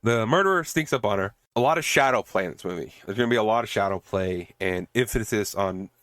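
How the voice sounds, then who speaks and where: A man's voice: fairly low pitch, animated, quick pace, a bit bright, no room sound. A man hosting a podcast, recapping a movie in a rambling, casual way, swearing often and laughing at it. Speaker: podcast host.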